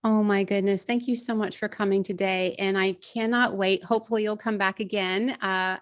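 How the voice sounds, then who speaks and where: A woman hosting a podcast, effusive and grateful as she praises her guest and wraps up the interview. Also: mid-range voice. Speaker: podcast host.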